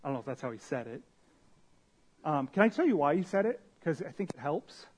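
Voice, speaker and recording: Casual young male preacher, fairly high. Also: very animated, a little fast, slightly rough. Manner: casual, conversational preaching with slang and restarts. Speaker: pastor. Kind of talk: sermon.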